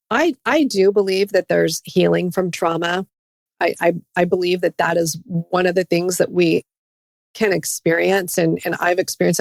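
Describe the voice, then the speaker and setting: A middle-aged woman tells her own story with earnest conviction. Her voice sits a little low and carries a gravelly edge. The sound is close and dry. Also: no echo. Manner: earnest, faith-based testimony. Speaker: podcast guest. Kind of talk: personal story in a podcast interview.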